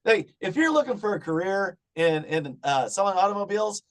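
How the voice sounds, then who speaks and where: A middle-aged man in casual chat as a podcast guest, swearing often and breaking into loud rants. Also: high-pitched, lively intonation, a little fast. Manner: profane, ranting, loud bursts.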